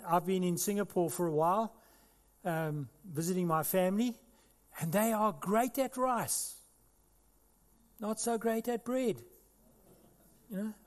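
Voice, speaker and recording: High-voiced man preaching in a reverberant church. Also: a little mellow. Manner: earnest, conversational preaching. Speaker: pastor. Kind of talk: sermon. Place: church hall.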